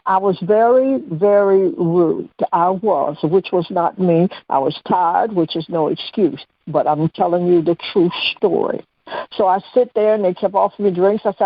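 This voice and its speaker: A woman guest, telling a personal story on a radio talk show and acting out the dialogue with lively energy. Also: mid-range voice, measured pace, no echo. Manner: animated storyteller who acts out dialogue. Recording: dull, dry radio-show audio.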